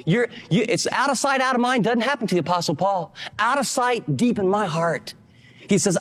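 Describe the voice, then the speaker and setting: A man's voice: animated, a little fast, in a large hall. A man preaching a sermon, emphatic, acting out the quotes he reads. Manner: emphatic, acts out quotes with rising pitch. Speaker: pastor.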